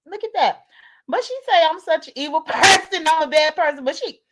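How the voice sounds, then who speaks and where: Very high-pitched woman streamer. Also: expressive, a little fast, heavy background noise. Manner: thanks viewers by name, chatty. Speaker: livestreamer. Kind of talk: casual livestream commentary.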